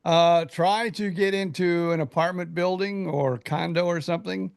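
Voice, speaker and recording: Older male co-host, high gravelly voice, rambling joker. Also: steady tone, normal speed. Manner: rambling, joking storyteller. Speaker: podcast co-host. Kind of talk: casual chat.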